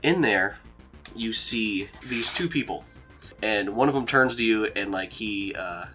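A man's voice: lowish voice, unhurried, soft background music. A man narrating as game master, rambling with lots of fillers. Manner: rambling, filler-heavy, relaxed.

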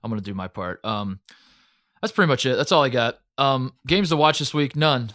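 A man co-hosting a casual sports podcast, chatty and quick to laugh, recapping plays eagerly. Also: medium pitch, lively intonation, a bit bright, no echo, clean studio sound. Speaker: podcast co-host.

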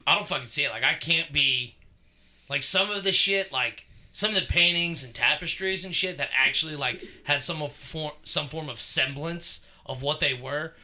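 A man with a slightly high voice talks at a normal speed, sounding pushed and bright. As a podcast co-host sharing a story casually, he swears a lot and rambles, padding his speech with fillers.

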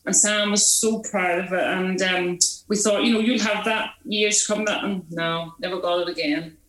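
A woman's voice: lowish voice, normal speed. Woman, Northern Irish accent, chatty storyteller, echoey room. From Belfast, Northern Ireland. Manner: chatty, animated, lots of restarts and acted-out quotes. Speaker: guest. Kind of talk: casual storytelling.

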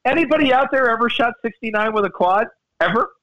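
A man's voice: fast, highs cut off. Guy hosting golf radio, chatty storyteller, voice jumping up and down a lot. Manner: animated storyteller, lively swings in pitch. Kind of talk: casual sports radio chat.

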